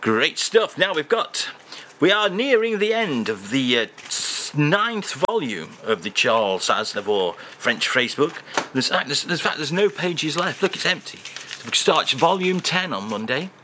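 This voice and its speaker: Mock-pompous, lively man hosting. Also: fairly high pitch, a little slow, slight background noise. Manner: mock-pompous, rambling, deadpan. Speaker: radio comedy host. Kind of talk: comic radio segment.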